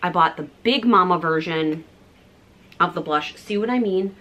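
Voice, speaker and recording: Woman in her 30s rambling about makeup on camera, says like a lot, slightly low voice. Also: normal speed. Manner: chatty and breezy, many "like" fillers, drops to soft asides. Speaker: beauty vlogger. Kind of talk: casual chat showing products.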